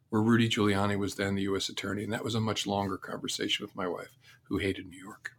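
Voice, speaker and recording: A man's voice: fairly low pitch, flat delivery, fast, creaky, fairly bright tone. A middle-aged man answering interview questions, telling his career story in an earnest, reflective way. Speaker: interview guest.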